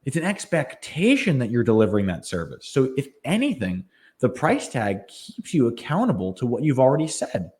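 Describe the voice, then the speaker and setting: A man's voice: mid-range voice, huge pitch swings, normal speed, darkish tone. A man co-hosting a podcast, speaking in an emphatic, persuasive, motivational way. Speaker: podcast co-host. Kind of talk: casual podcast chat.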